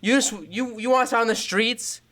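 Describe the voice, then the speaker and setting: A man's voice: very high-pitched, fairly even intonation, brisk, pushed and bright. A man voicing a defiant young runaway kid, who keeps hurling the same accusing taunts.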